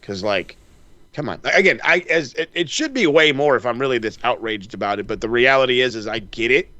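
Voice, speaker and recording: A man co-hosting a podcast, chatting casually with a profane, animated ranting manner. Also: mid-range voice, brisk, no echo, highs cut off. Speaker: podcast co-host. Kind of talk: casual chat.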